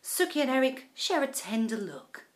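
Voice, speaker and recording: A woman's voice: sits high, very animated, normal speed. A woman co-hosting a casual chat, recapping a TV episode, swearing casually and laughing often. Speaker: podcast co-host.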